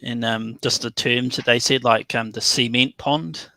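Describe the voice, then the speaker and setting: A man's voice: mid-range voice, fairly even intonation, unhurried, pushed and bright, dry recording. A man asking questions hesitantly in a casual group chat, with frequent ums. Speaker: guest.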